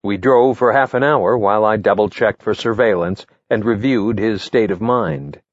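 Low-voiced man reading a memoir. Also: dry recording, muffled recording. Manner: measured, matter-of-fact storytelling. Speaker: memoir narrator. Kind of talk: first-person memoir narration, read from a script.

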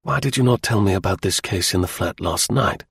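A man reading the part of a stern, cool intelligence chief, measured, formal and curt. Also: low voice, gravelly, slightly rough, no echo, studio quality, exaggerated voice.

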